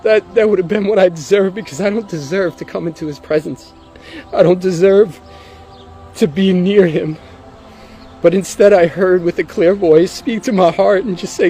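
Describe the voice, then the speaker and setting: A man's voice: high voice, moderate pace, dark tone, faint music behind. A man telling his own conversion story in an earnest, emotional way. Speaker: testimony speaker. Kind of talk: personal testimony.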